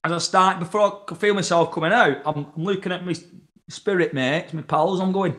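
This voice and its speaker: A man's voice: sits high, fairly quick, fairly bright tone. A man, a podcast guest telling a long story in casual chat, rambling and swearing freely as he acts out the quotes.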